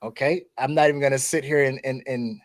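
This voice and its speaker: A man's voice: mid-range voice, steady tone, fairly quick. A man from the United States hosting a podcast in a loose, conversational way, with many restarts and "okay?" asides. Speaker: podcast host. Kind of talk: casual podcast discussion.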